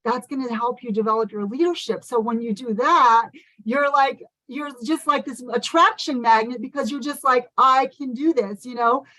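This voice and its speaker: Fast, passionate woman giving a pep talk. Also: fairly high pitch, sharp tone, no echo, low-quality recording. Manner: fast, passionate, lots of "like" and "you guys". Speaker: motivational speaker at an online conference. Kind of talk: motivational speech.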